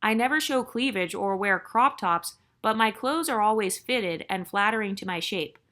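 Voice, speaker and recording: A woman's voice: medium pitch, expressive, moderate pace, bright, forceful tone. A woman hosting her channel, reading a viewer's story aloud in a chatty way and breaking in with joking asides.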